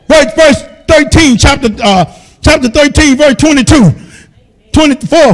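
A man preaching a sermon as pastor, calling out to the congregation and swinging between quiet storytelling and shouting. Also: very high voice, brisk.

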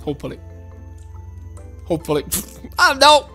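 A woman giving excited, exclaiming commentary while playing a video game and talking to her viewers. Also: on the low side, normal speed, slightly rough, faint music behind. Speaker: gaming video host.

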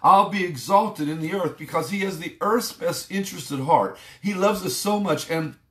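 A male pastor with a high-sitting voice preaches a devotional sermon at normal speed. His delivery is conversational and emphatic, with rising exclamations, and the recording has a roomy echo.

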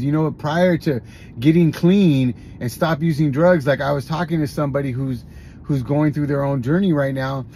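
A man's voice: a little high, darkish tone, a little hiss or hum. A man hosting a podcast, talking candidly in a confessional monologue with frequent restarts. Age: adult, has a grown son. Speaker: podcast host. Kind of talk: personal monologue about recovery.

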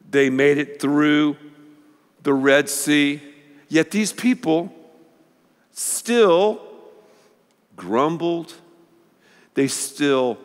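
A man preaching a sermon as pastor, with an animated, playful manner. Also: fairly high pitch. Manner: animated, playful, leads the congregation in call-and-response. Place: large church auditorium. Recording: long reverb of a large church hall.

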